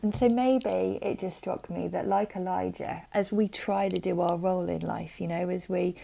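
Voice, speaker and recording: A woman speaks in a gentle, conversational way, dipping now and then into a soft whisper. Her voice sits low, heavy with gravelly fry and mellow in tone. The audio is dull and lo-fi. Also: fairly even intonation, normal speed, a little hiss or hum. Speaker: preacher. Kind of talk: short devotional talk.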